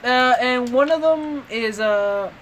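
A man rambles through a loose gaming chat, swearing freely and stalling to hunt for words. His voice is bright and cutting, with faint background noise. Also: extremely high pitch, slow pace. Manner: rambling and profane, often searching for words.

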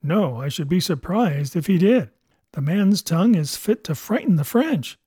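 A man voicing a fearless, educated ship's doctor who talks crisply and scolds dryly. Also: sits high, animated, normal speed, warm tone, no room sound, clean studio sound. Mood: brisk. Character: brisk, fearless male ship's doctor, gentleman.

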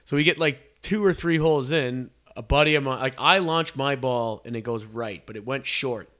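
A man's voice: medium pitch, moderate pace, a bit bright. A man co-hosting a podcast, telling a rambling, profanity-laced story in casual chat. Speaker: podcast co-host.

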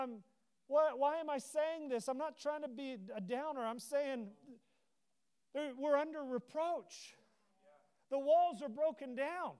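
A man's voice: very high voice, darkish tone, clear, resonant tone. A man preaching an impassioned, earnest sermon, his voice rising into emotional cries, at times teary. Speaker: pastor.

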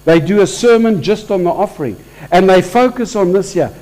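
A man's voice: sits high, animated, moderate pace, few pauses, dark tone, poor audio. A man preaching a conversational sermon at a church service, talking informally with restarts and building to emphatic peaks.

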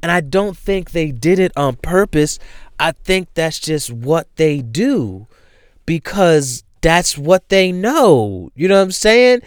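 A man telling a funny personal story in a casual, animated way, laughing often and using slang and swearing. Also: a little high, slow pace, clear, resonant tone, no echo, studio quality.

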